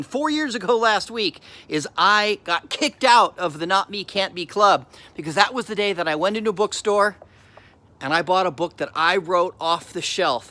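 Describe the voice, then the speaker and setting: Um homem dá uma palestra motivacional sincera e emotiva, contando sua história com frases que recomeça e repete. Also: male voice, high voice, sharp tone. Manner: earnest and emotional, with repeated restarts. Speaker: host. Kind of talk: motivational talk.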